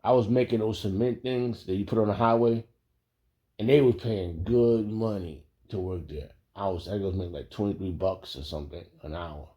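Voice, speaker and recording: A man telling a casual story, animated and profane, laughing often. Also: fairly low pitch, normal speed, highs cut off.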